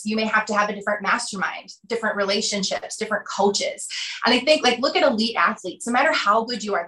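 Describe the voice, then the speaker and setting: A woman in her thirties, a podcast guest talking through ideas and acting out quotes in animated storytelling. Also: medium pitch, reverberant, poor audio. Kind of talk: conversational interview.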